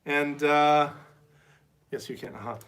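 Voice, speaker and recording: A man's voice: a little high, steady tone, unhurried, a bit bright, slight background noise. A man, a drum teacher, chatting casually on a live phone stream from a small cluttered drum shed, rambling and reading comments aloud. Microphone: phone mic.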